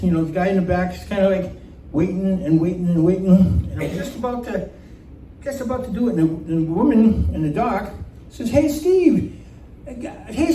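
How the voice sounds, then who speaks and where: A man telling a personal story live to a room, animated and laughing as he goes. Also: high voice, recorded from a distance, a little hiss or hum. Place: community center room. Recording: roomy hall recording from off-mic.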